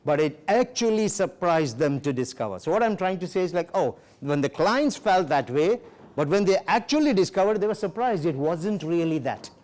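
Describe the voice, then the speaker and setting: A man with a fairly high-pitched voice leads a sales training workshop. He teaches in a direct, instructive way, drilling the key phrases and acting out sample exchanges with a client. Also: lively intonation, normal speed, a little mellow. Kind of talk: workshop lecture.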